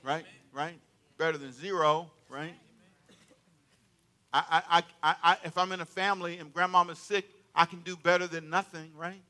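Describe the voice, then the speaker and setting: High bright-voiced preacher man. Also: steady tone, moderate pace. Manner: call-and-response preaching, loud and emphatic. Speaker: pastor. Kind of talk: sermon. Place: church sanctuary.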